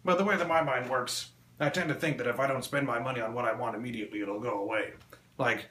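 Crude deadpan stand-up man, bright voice. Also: medium pitch, fast, a little hiss or hum. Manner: crude, deadpan one-liners. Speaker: stand-up comedian. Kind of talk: stand-up comedy set. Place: small club stage. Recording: echoey room with faint ambience.

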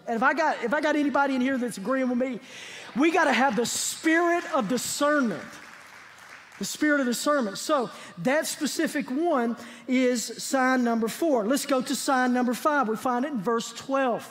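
A pastor with a very high male voice preaches in a church, moving between easy, chatty storytelling and fervent emphasis. His words ring out into a long hall reverb. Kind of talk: sermon. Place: church sanctuary.

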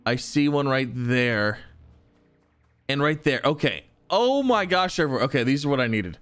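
A young man giving excitable let's-play commentary, chuckling and talking to the enemies he fights. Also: mid-range voice, moderate pace, clean tone, faint music behind. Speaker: gaming YouTuber.

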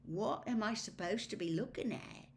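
A woman doing Ron, a gruff teenage boy. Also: medium pitch, moderate pace, close to an everyday voice. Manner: gruff, loud.

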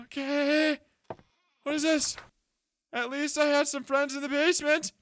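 A man's voice: very high voice, level tone, a little slow, a bit bright, slight background noise. A man doing horror game commentary, jumpy, screaming and laughing nervously. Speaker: gameplay video host.

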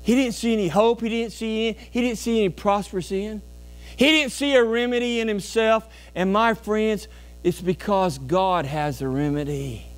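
A pastor preaching a folksy, animated sermon, asking the congregation questions and telling homey stories. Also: male voice, high-pitched, normal speed. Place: church sanctuary.

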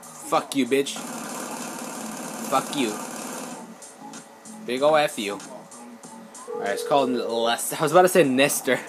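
A man giving casual let's play commentary, excitable and profane, yelling at the game. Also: mid-range voice, slow, pauses often. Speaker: gameplay commentator. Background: game music.

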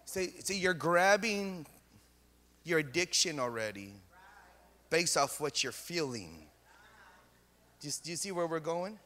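A man preaching a sermon as pastor, animated and repeating phrases, in a church hall. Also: fairly high pitch, measured pace, pauses often.

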